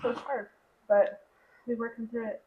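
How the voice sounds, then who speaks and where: A woman's voice: fairly high pitch, little pitch movement, normal speed, dull audio, slight background noise. A young woman co-hosting a podcast, talking candidly and a bit rambly about her own life, with lots of fillers. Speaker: podcast co-host. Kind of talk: casual conversation. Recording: echoey room.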